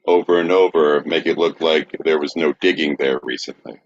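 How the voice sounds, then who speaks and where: A man co-hosting a podcast in casual chat, making dry, measured wisecracks. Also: rumbling low. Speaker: podcast co-host. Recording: dull lo-fi sound.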